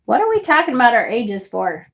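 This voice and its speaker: Chatty bright-voiced woman in her forties. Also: fairly high pitch, big pitch swings, a little fast, vocal fry. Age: 40s. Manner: chatty, rambling, laughs often. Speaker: witchcraft vlogger. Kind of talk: casual storytelling chat.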